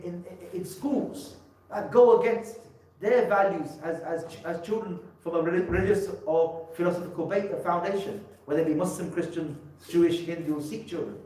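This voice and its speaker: Male speaker, emphatic public talk, higher voice, distant mic, heavy hall echo. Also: a little mellow. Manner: emphatic, with many repeated words and restarts. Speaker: religious scholar giving a talk. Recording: echoey hall, mic from far off.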